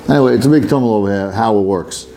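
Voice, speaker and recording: A man's voice: lowish voice, racing. Man leading a casual Talmud study. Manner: reads Aramaic text aloud and explains it in English; acts out the case with lively back-and-forth.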